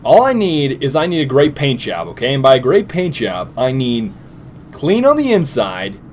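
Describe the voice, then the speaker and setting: A tired young man giving casual, jokey gameplay commentary with sudden loud outbursts. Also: mid-range voice, big pitch swings, moderate pace, a little hiss or hum. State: tired, short on sleep. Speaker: gaming commentator.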